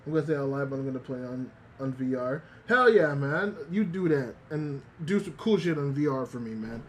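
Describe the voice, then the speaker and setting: A man's voice: medium pitch, expressive, brisk, few pauses, a little hiss or hum. A man streaming as a VTuber, chatting casually and rambling, often repeating himself and swearing freely. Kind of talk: casual livestream chat.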